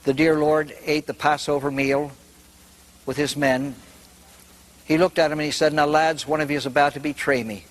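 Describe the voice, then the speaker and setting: A man's voice: on the high side, level tone, normal speed, close to an everyday voice, low-quality recording. A man voicing a stubborn, hot-tempered old priest with a folksy brogue.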